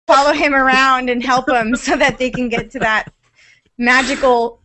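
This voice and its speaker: A woman's voice: high voice, steady tone, moderate pace, pushed and bright. A woman joining a podcast brainstorming chat, throwing in wisecracks and loose ideas.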